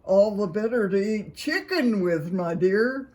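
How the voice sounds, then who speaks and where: An older woman voicing a flustered male wolf who pretends to be a grandmother in a squeaky, strained falsetto, read as a storybook. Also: animated, a little slow, darkish tone, close to an everyday voice. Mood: nervous. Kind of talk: storybook reading.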